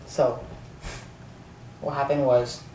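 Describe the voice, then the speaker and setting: A man's voice: mid-range voice, flat delivery, takes it slowly, mellow. A man telling a storytime rant for his vlog, rambling and swearing, full of filler words and restarts. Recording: echoey room, distant mic, faint noise.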